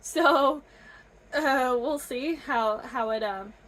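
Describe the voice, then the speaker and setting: High-pitched chatty woman vlogger. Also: takes it slowly. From Michigan, USA. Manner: chatty, gushing and excitable. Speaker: book vlogger. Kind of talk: casual reading vlog chat. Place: camper.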